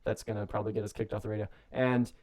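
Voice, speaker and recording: A young man co-hosting a wrestling podcast on the radio, telling a comedic story in a rambling, jokey way and breaking into quick put-on voices. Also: on the low side, level tone, darkish tone. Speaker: podcast co-host.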